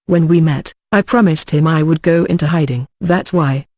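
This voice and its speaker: A man reading the part of a calm teenage girl resigned to death, speaking quietly and matter-of-factly in an audiobook. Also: a little high, normal speed, no room sound, clean studio sound.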